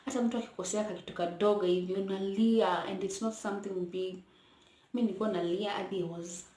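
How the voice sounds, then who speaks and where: A young Kenyan woman with a mid-range voice vlogs casually from her child's bedroom, telling stories and mixing English with Swahili. At times she hushes her voice so the baby can keep sleeping. The room has a roomy echo and faint background noise.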